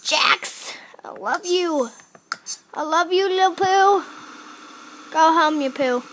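A hyper, excitable child commenting on a life-sim game in a teasing, playful way. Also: extremely high pitch, slow, slight background noise. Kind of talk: let's-play commentary.

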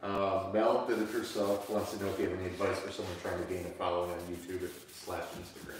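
Distant low-key woman reading out comments. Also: level tone, fast, slight background noise. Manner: quiet, low-key asides. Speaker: helper reading viewer comments. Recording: distant voice in an echoey room.

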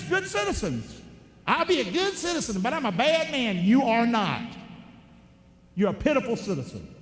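Pastor, animated high voice, call-and-response preaching in a roomy, reverberant church hall. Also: male voice. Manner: call-and-response preaching, asks congregation to repeat lines. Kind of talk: sermon. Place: church sanctuary.

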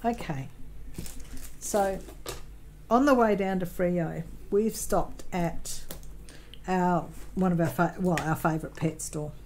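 An Australian woman chats at her craft desk at home, her voice sitting a little low. She rambles through a personal story, full of ums, restarts and corrections. A faint hiss hangs behind her. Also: takes it slowly, long pauses, darkish tone, poor audio. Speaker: crafting vlogger. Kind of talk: casual chat while crafting.

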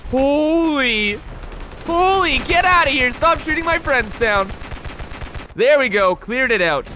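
An excitable man commentates on a video game, exclaiming often as he talks to his viewers. His voice sits high and bright, and he keeps an unhurried pace between bursts. Faint game gunfire plays beneath him. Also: slight background noise. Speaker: gameplay commentator. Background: game gunfire and explosions.

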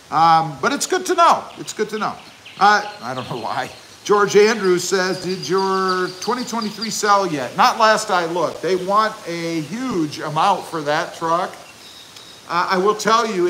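A man's voice: high-pitched, pushed and bright, a little hiss or hum. A man hosting a casual livestream, reading viewer comments aloud and answering them with chatty, jokey asides. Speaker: channel host reading live chat.

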